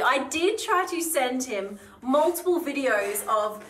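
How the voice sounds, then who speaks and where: Lively Australian woman in an echoey studio. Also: high voice, measured pace, distant mic, a little hiss or hum. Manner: chatty, laughs often, lively banter. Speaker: vlog host. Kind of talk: casual behind-the-scenes chat. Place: artist's studio, indoors.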